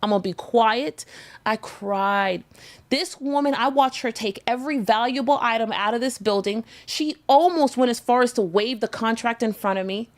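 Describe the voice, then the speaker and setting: Female host, fairly high voice, candid confessional storytelling, speaks straight to the viewers, swears casually. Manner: candid, emotional, talks to viewers directly, swears.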